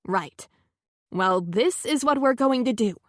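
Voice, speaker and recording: A woman's voice: a little high, lively intonation, no echo, clean studio sound. A woman doing a stern, bossy best friend. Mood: stern concern. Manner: firm, pushy, rapid questions.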